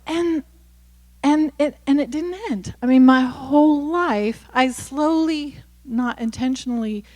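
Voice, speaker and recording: A woman in her sixties from Kentucky, with a softened Appalachian accent, gives a candid, chatty talk to an audience at a university, full of self-deprecating asides, fillers and restarts. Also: sits high, a little slow. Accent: Appalachian Kentucky, softened toward neutral. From Kentucky, USA. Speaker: author giving a talk. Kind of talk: casual talk with audience questions. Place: university lecture hall. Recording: hall with long reverb.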